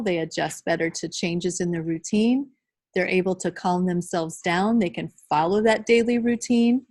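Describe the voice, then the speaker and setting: A trainer leads a live workshop, speaking conversationally and addressing the group directly. Her voice is medium in pitch and darkish in tone, and the recording is rough.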